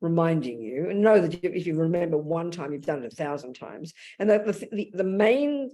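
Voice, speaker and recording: A woman's voice: fairly low pitch, big pitch swings, moderate pace, warm tone. A woman in her seventies, a Buddhist nun teaching a dharma talk in a blunt, plain-spoken way, often restarting her sentences and acting out inner thoughts. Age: 70s. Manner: acts out inner speech vividly.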